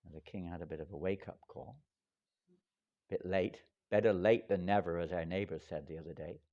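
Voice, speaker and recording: A monk giving a lively, dramatic storytelling sermon with wry asides. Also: male voice, low voice, fairly quick. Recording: dull lo-fi lecture recording.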